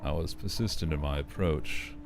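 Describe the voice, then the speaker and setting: A man voicing a suave, sly male wanderer with a put-on English-style voice, deep vocal fry and a dry, politely menacing manner. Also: moderate pace, soft background music. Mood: sardonic.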